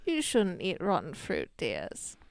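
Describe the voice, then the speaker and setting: Old witch, courteous and quietly ominous, lively pitch , played by a woman game master, dry close sound. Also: slow pace, vocal fry, no echo, heavily acted. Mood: gracious. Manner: soft, courteous, calls people dear.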